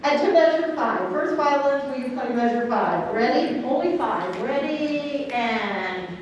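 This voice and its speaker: A woman's voice: high-pitched, expressive, measured pace, background noise. A woman clinician coaching a string orchestra in rehearsal, counting beats aloud, singing counts and quizzing the players. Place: large convention rehearsal hall. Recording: echoey hall from far off.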